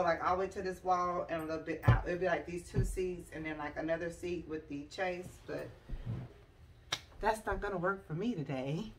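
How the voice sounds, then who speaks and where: A chatty woman in her forties with a low voice talks casually to her viewers at home. She keeps calling them y'all and girl as she goes. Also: background noise. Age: 40s. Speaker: lifestyle vlogger. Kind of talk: casual chat to camera. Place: at home, decorating a room.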